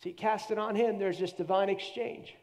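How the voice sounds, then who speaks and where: A middle-aged man preaching a sermon at a church conference, animated, dropping into a hushed voice when he acts out prayers. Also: sits high, moderate pace.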